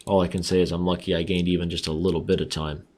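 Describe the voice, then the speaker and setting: A man with a raspy voice giving chatty, self-mocking commentary on his own chess games as he plays. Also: sits low, level tone, fast talker, darkish tone. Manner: chatty, self-mocking, talks through moves aloud. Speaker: chess streamer. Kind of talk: casual commentary while playing online.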